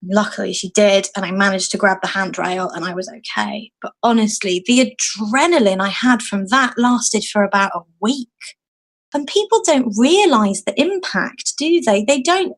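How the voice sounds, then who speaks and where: A British woman in her thirties speaks as a guest on a podcast interview. She tells her stories in an animated way, jumping up in pitch to act out the people she quotes. Her voice sits in a middle register. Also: normal speed. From United Kingdom. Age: 30s. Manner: animated storyteller, acting out quoted voices with big pitch jumps. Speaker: guest, activist.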